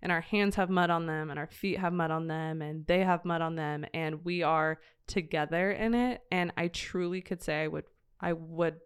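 A woman's voice: deep voice, steady tone, normal speed, clean tone. A woman earnestly sharing a heartfelt personal story in conversation, with many fillers and restarts. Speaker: guest sharing a mission trip story. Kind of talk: reflective personal testimony in conversation.

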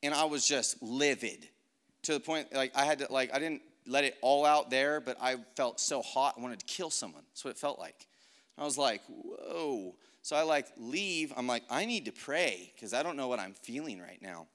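A man's voice: medium pitch, moderate pace, a bit bright, clear, resonant tone. A man giving a casual, earnest personal testimony, talking in a loose conversational way with many fillers. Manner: casual and conversational, heavy use of "like"; earnest, reflective storytelling. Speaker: speaker sharing a faith story.

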